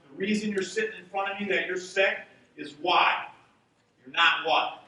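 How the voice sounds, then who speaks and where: A man with a very high, piercing voice preaches from a stage, mixing fired-up shouts with quiet asides. His bright, sharp tone rings out through a large reverberant hall, heard from a distance. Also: moderate pace, a little hiss or hum. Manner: energetic, shouting at peaks, drops to a hushed aside. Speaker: chiropractor speaking at a seminar. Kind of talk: motivational stage talk. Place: large event hall with an audience.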